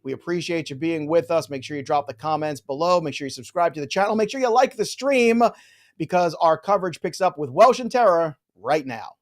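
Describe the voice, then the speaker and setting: Man, live-stream host, casual chat, joking, rapid-fire questions, slightly high-pitched. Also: lively intonation.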